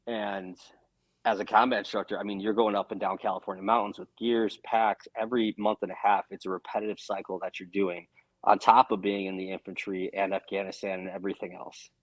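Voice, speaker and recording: A man talking as a podcast guest, telling a story in a casual, earnest and animated way, swearing now and then. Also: fairly low pitch, rough recording.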